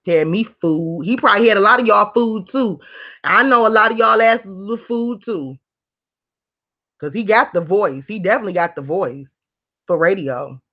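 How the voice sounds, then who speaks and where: This livestream host has a medium-pitched voice and speaks at a moderate pace while casually reading comments from her viewers. Her manner is open and lively, wandering from topic to topic with plenty of laughter. The sound from her streaming mic is muffled and lo-fi.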